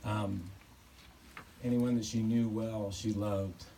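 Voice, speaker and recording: Man, eulogy at a memorial service, fond and halting, recorded from a distance with steady background noise. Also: lowish voice. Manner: halting, fond storytelling, often chuckling. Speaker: family member giving a eulogy. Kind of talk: personal eulogy with stories.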